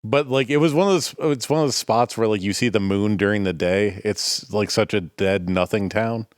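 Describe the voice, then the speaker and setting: A man's voice: on the low side, moderate pace, no room sound, studio quality. A man from Maryland, a comedian guest, making wisecracks in casual podcast banter. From Maryland, USA.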